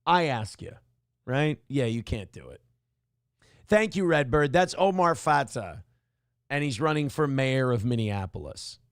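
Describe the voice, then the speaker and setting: A man's voice: medium pitch, animated, measured pace, no echo, clean studio sound. A man hosting a live-stream talk show, speaking in a sarcastic, rambling way with many fillers while he reads out viewer chat.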